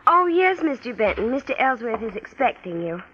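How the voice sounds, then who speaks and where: An actress playing a polite, eager secretary, in 1940s radio acting. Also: female voice, a little high, very animated, fairly quick, lo-fi sound. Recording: noisy 1940s radio recording.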